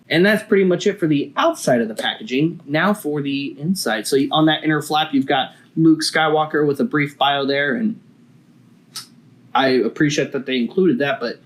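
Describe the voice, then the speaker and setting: A man hosting a casual toy review video, chatty and enthusiastic. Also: medium pitch.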